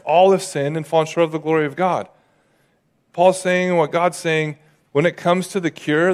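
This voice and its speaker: A pastor with a high voice preaches in a relaxed, conversational way. He keeps jumping into quoted voices, quick and emphatic, then drops back to his plain speaking tone. He is from up north on the West Coast. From Northern California or Oregon. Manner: animated, acts out voices of people he describes. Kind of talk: sermon.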